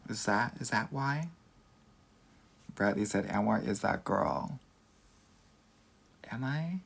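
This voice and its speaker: This man speaks slowly in a lowish, somewhat bright voice with vocal fry and a Southern California Valley accent, while a faint hiss or hum sits under the recording. A dating coach, he's casually reading livestream comments, sassy and campy, addressing everyone as "girl."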